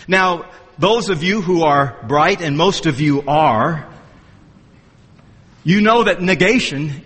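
A man's voice: high voice, pushed and bright, big-room sound. A man preaching an expository sermon, emphatic and repetitive, often restarting his sentences mid-thought. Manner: emphatic, repeats phrases for stress. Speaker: pastor.

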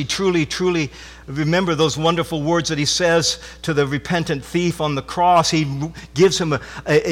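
A high-pitched man preaching to his church congregation. He is fervent and repetitive, restarting words as he presses his points and dropping from loud declarations to near-hushed intensity. His voice rings with the long reverb of a large hall. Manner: fervent, repeats phrases, stammered restarts, swings from loud to hushed. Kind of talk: sermon.

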